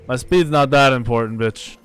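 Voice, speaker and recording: A young man streaming a game live, commenting excitedly, swearing, trash-talking and thanking viewers from chat. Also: mid-range voice, normal speed, clear, resonant tone, soft background music. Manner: reads out chat and thanks donors.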